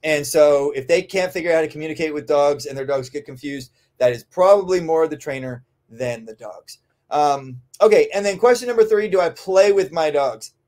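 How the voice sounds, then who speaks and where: Male dog trainer for a podcast Q&A, slightly high-pitched, loose and conversational with lots of "um" and "right?". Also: normal speed, a little mellow. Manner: conversational, frequent "um" and tag "right?". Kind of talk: podcast Q&A, answering listener questions.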